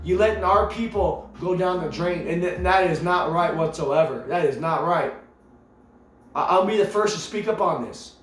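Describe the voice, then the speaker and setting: Speaking at a moderate pace, a high-voiced male vlogger preaches a fervent political rant into his camera mic, piling up rhetorical questions, repeating points and restarting after stumbles. The room echoes, faint music plays behind him, and there's slight background noise.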